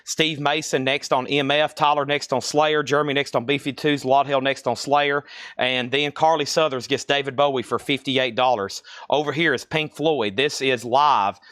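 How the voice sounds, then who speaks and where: Brief: a man as live-sale host, excitable and chatty, mid-pitched voice, dry close sound. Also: normal speed, no room sound. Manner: excitable, talks to himself. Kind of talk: live selling commentary.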